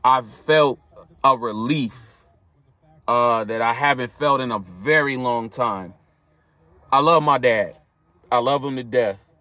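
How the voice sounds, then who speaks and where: A man speaks to his podcast listeners in an earnest, reflective monologue, talking to them directly as he tells a personal story. His voice is bright and forceful. The recording is dry, with no room sound around him. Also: medium pitch, no echo. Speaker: podcast host.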